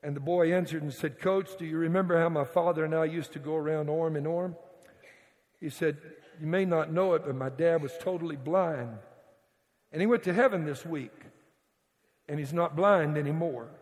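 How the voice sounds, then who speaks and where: Male preacher telling a story in church, fairly high voice, long echo, gets quiet then loud. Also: moderate pace. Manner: storytelling with dramatic swings from hushed to shouting. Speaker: pastor. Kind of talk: sermon. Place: church sanctuary. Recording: church hall reverb.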